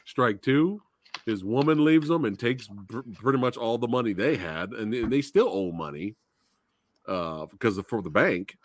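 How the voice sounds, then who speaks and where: A man's voice: mid-range voice, expressive, moderate pace, dry recording. A man, a podcast guest, chatting casually about a series, agreeing often and laughing easily. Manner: agreeable, lots of short yeahs, laughs easily. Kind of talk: casual review chat.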